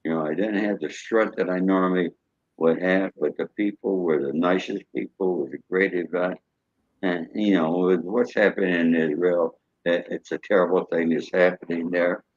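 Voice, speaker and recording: A man's voice: sits low, fairly even intonation, moderate pace, highs cut off. An older man, a show guest, telling folksy stories and acting out cheerful greetings in a raised voice. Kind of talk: storytelling.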